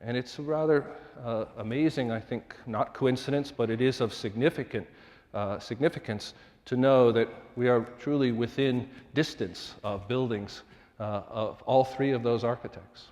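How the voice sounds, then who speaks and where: A middle-aged man giving a public lecture on architecture, measured and formal, with frequent fillers and restarts. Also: medium pitch, darkish tone. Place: lecture hall with long reverb. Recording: lecture hall reverb.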